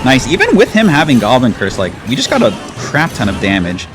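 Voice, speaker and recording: A gaming YouTuber talks casually over his own gameplay, laid-back and chatty, saying "like" a lot. His medium-pitched voice swings hugely in pitch and runs a little fast, with game music in the background.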